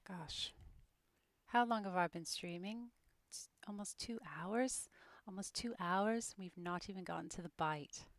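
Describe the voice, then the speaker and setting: A British woman streaming as she works on an animated scene, muttering to herself and often dropping into a whisper. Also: lowish voice, a little slow, no room sound. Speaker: streamer making an animated game-character video. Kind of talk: casual narration while working.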